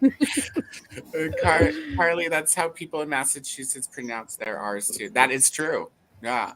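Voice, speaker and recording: A woman's voice: unhurried, slight background noise. A woman hosting a casual group video chat, laughing often as she talks. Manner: giggly, laughs often, lively pitch. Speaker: livestream host.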